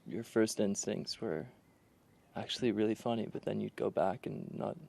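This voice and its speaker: A man's voice: lowish voice, moderate pace, creaky, darkish tone, no echo. A young man and actor, chatting in an interview with dry, teasing humor. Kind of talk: casual interview chat.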